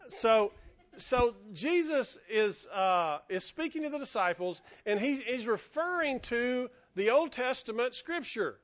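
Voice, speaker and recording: A male pastor preaching a sermon in an animated, folksy way, acting out the voices he quotes and getting over an illness that makes him cough. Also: extremely high pitch, measured pace, highs cut off.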